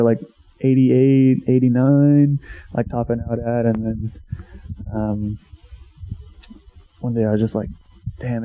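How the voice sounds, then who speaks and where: A young man telling a long story in a casual, rambling podcast chat, full of swearing and filler words. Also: medium pitch. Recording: dull lo-fi sound.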